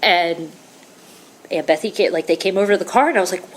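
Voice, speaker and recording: A woman's voice: medium pitch, animated, quick pace, slight background noise. A middle-aged woman telling her personal recovery story at a meeting, heartfelt and rambling, full of restarts and "you know".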